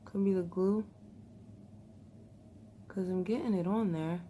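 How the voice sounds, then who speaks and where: A woman's voice: medium pitch, steady tone, unhurried, warm tone, a little hiss or hum. A young woman chatting to her viewers while trying something new at home, nervous, laughing often and talking straight to the camera. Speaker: vlogger. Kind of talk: casual beauty vlog chat.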